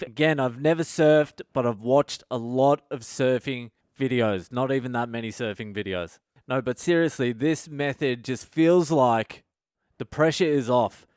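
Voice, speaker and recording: A male comedian rambles through a casual podcast monologue, swearing constantly and undercutting himself with jokes. His voice sits at an everyday middle pitch. The recording is dry and close, with no room sound. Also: a little mellow, smooth, no echo. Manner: swears constantly, self-mocking asides.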